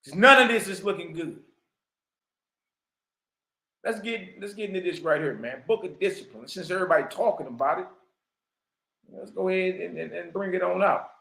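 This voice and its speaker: A man's voice: high-pitched, moderate pace, vocal fry, long pauses, bright, forceful tone, roomy sound. A man giving casual commentary that turns into preaching, speaking in slang and firing off emphatic rhetorical questions. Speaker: online commentator and religious teacher.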